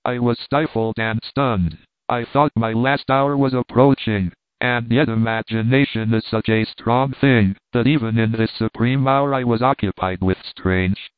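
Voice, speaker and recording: A man reading a classic adventure novel aloud in a measured, dramatic first-person narration. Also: mid-range voice, dry recording. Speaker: audiobook reader. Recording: dry, phone-like narrow sound.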